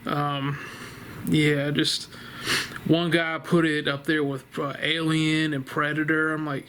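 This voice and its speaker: A man chats loosely about a horror film from his living room couch, wandering off track and swearing bluntly as he goes. His voice sits a little high for a man, and a faint hiss hangs under the home recording. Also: steady tone, unhurried, a bit bright. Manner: rambling, laughing, blunt and profane. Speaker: vlogger reviewing a horror film. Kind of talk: casual spoken film review.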